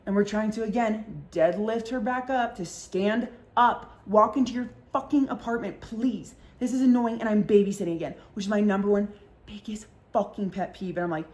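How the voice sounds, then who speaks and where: A woman tells a story in casual podcast chat, packing her talk with fillers and swearing freely. Her voice sits in an ordinary middle pitch. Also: a little mellow. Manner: fast-talking, full of fillers and swearing. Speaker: podcast host.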